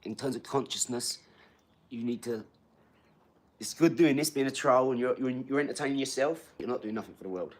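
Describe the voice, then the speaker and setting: A man's voice: medium pitch, a little fast, darkish tone. A man, chatting casually on a live stream and bantering with a troll in his comments.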